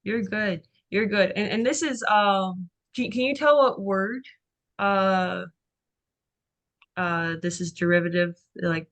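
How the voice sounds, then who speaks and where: Woman Greek tutor, slow and encouraging, with lots of fillers. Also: medium pitch, a bit bright. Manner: encouraging, unhurried, with frequent fillers. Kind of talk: online tutoring session.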